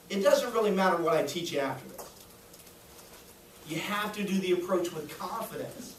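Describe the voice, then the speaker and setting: A man with a high voice teaches sales to a roomful of trainees, cracking jokes and checking in after nearly every point. He sounds far from the mic in an echoey room, with faint noise behind him. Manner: jokey, keeps checking in with "right?". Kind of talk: training lecture to a group.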